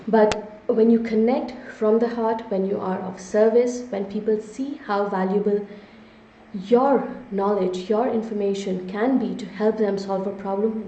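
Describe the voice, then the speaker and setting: A middle-aged woman hosting a live online webinar, presenting upbeat and often checking in with her viewers with a quick "okay?". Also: mid-range voice, dark tone. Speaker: webinar host and business strategist. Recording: echoey room, slightly dull lo-fi sound.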